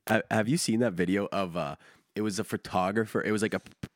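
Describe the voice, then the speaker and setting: A man's voice: on the low side, steady tone, quick pace, no room sound, clean studio sound. A man co-hosting a podcast in casual chat, laid-back and saying dude a lot. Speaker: podcast co-host.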